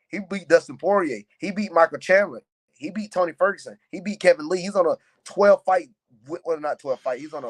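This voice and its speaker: A young man with a slightly high voice, talking about fights on a podcast. He tells his stories in a loose, animated way and drops a lot of "man" and "you know." It sounds like relaxed, casual chat.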